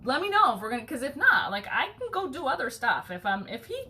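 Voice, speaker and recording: A woman, a home baking vlogger, rambles through a casual story and acts out the people in it. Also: fast talker. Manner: chatty, animated, swears casually, acts out quoted people in a higher voice. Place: home kitchen.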